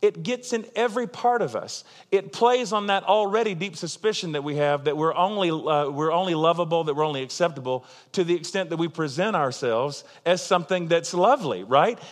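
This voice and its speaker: A male pastor preaching with earnest, emphatic conviction, his voice sitting a little higher than most men's. He keeps it conversational and checks in with the listeners as he goes. The sound rings with the long reverb of a large hall. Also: fairly quick, few pauses. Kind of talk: sermon.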